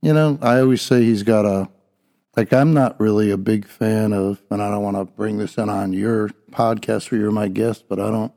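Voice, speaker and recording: Man, dark mellow tone, casual podcast chat, rambling. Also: on the low side, steady tone, moderate pace, creaky. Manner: chatty, rambling storyteller. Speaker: podcast host.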